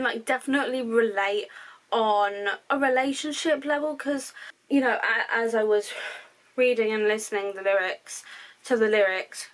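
A young woman chats through her reactions to music in a slightly high voice. She is tired and openly emotional, rambling and restarting her sentences as she goes. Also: low-quality recording. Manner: chatty, rambling, self-correcting; emotional and candid. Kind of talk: casual reaction commentary.

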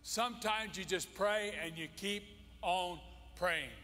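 A man's voice: sits high, takes it slowly, pushed and bright. A male pastor preaching a sermon, impassioned and emphatic, repeating his key phrases. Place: church sanctuary. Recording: long church-hall reverb.

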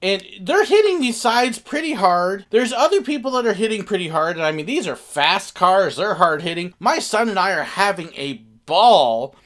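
A man casually telling a funny family story, animated and acting out the quoted bits. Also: high voice, moderate pace, few pauses.

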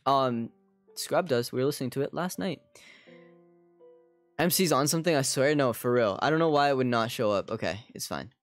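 Brisk and medium-pitched, this man talks to his chat during a casual live game stream, rambling heavily and using "like" constantly. Faint music plays behind him.

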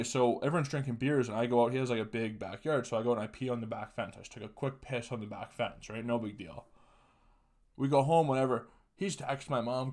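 A man's voice: medium pitch, darkish tone. A man in his twenties hosting a podcast, telling casual profane stories on his own and laughing through them. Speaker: podcast host. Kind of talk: casual solo storytelling.

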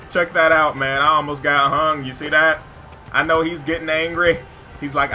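A man commentating his own basketball video game with hype, jumping from loud shouts to low, joking asides. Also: moderate pace. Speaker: gaming YouTuber commentating his own play. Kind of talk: excited gameplay commentary.

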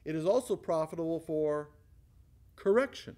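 A man's voice: a little high, moderate pace. A man pastor leading a Bible study, asking the group questions and answering them himself, laughing now and then. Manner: animated, asks rhetorical questions and answers them; acts out voices in quotes, laughs often.

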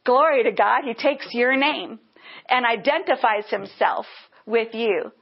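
A woman's voice: a little high, a little slow, vocal fry, husky. A woman teaching a Bible lesson earnestly, breaking into bursts of praise. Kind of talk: teaching sermon. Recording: dull lo-fi sound.

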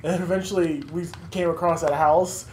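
A man's voice: a little high, steady tone, fairly quick. A man co-hosting a podcast in casual chat, playful, laughing often and exaggerating his stories. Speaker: podcast co-host. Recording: echoey room with faint background noise.

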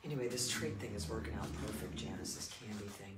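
A man's voice: on the low side, fast. A man working as a dog trainer, chatting casually through a demonstration and answering questions he imagines listeners asking. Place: room with puppies. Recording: distant mic, roomy, loud background noise.

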